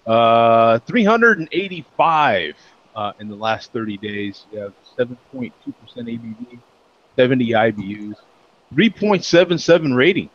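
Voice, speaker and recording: A man's voice: medium pitch, big pitch swings, moderate pace, muffled recording. A man hosting a casual beer chat show, laughing often and joking as he reads out tasting notes. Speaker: podcast host.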